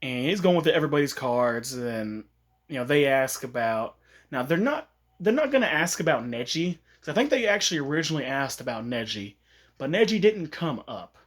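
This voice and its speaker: A man's voice: medium pitch, very animated, normal speed. A man casually retelling a fan-made story, rambling, with many fillers.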